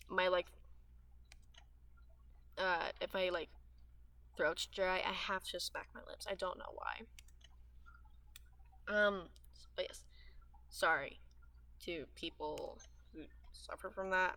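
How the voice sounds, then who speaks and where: Bright-voiced teen girl with a dry throat. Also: medium pitch. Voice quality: dry mouth with audible lip smacking. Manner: chatty and meandering, with frequent fillers and trailing restarts. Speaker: gaming streamer. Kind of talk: rambling gameplay chat.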